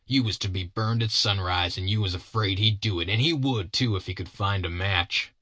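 A man voicing a nervous grown kidnapper who talks in a slow, anxious drawl. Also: deep voice, sharp tone, no echo.

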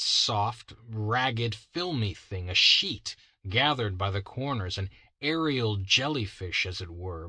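A man narrates a story slowly and deliberately, with a somewhat low voice. His tone is bright and clear. The recording is dry and close, with no room sound. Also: dry recording. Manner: slow, measured reading. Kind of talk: scripted narration.

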